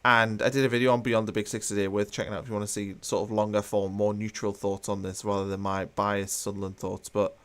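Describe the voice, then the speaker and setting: A man with a fairly low voice hosts a live football watchalong. He talks casually and with strong opinions, restarting sentences and filling pauses as he reads comments aloud. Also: level tone, a bit bright, clear, resonant tone. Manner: opinionated, chatty, many fillers and restarts.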